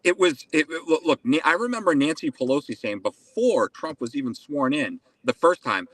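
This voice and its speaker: A man's voice: a little high, very animated, a little fast, few pauses, a bit bright, no room sound. A man talking politics emphatically, repeating words and mocking his opponents. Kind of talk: political talk show chat.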